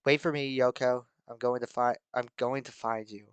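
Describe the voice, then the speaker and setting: A man's voice: mid-range voice, fairly even intonation, normal speed, smooth, no echo, close to an everyday voice. A man voicing a heartbroken middle-aged father in a game, speaking in a choked, pleading way. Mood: tearful. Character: grieving middle-aged father, broken teacher.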